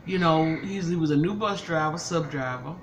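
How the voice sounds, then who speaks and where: A woman's voice: low voice, normal speed, faint music behind, poor audio. An older woman, a grandmother, telling an upsetting story in casual chat, tearful and angry by turns. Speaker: vlogger.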